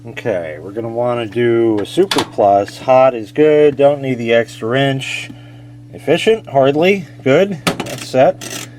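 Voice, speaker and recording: Guy goofing around while running washers, loud water noise behind him. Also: medium pitch, expressive, measured pace. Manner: playful, jokey. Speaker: host. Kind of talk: casual demonstration chat. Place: laundry room with washing machines.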